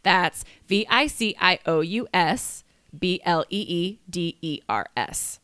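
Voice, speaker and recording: A woman's voice: on the low side, pushed and bright, smooth, dry recording, clean studio sound. A woman co-hosting a podcast, reading a sponsor ad and trading jokes. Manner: quick joking interjections. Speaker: podcast co-host. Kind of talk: casual chat and read ad.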